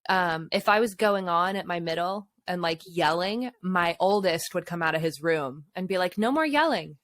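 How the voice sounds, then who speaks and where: A woman's voice: on the low side, steady tone, normal speed, a bit bright, dry recording. A woman guest on a podcast, a mother of young children, talking frankly in casual chat, swearing freely and laughing often.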